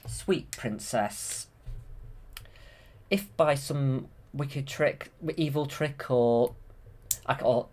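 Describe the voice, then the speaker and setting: A man doing a gentle little fairy's blessing. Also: mid-range voice, very slow, pauses often, a little hiss or hum. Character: small, kindly fairy woman giving a hopeful blessing.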